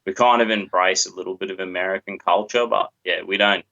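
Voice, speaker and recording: A man's voice: sits low, steady tone, a little fast, gravelly, bright, forceful tone, muffled recording. A man from Australia, a guest on a casual podcast, laid-back and swearing, saying "mate" a lot.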